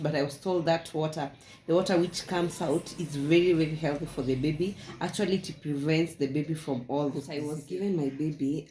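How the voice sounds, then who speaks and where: A woman's voice: low-pitched, dark tone. A young woman, telling her own story in a casual vlog, rambling and repeating herself with frequent laughs. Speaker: vlogger. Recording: echoey room.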